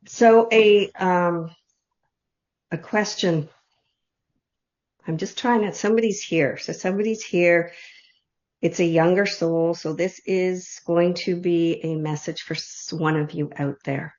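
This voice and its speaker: A woman leading an online group reading, speaking softly and heartfelt in loose, run-on phrases. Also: lowish voice, fairly even intonation, slow pace. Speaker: intuitive reader leading an online group session. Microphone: video call. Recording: dull lo-fi video call audio.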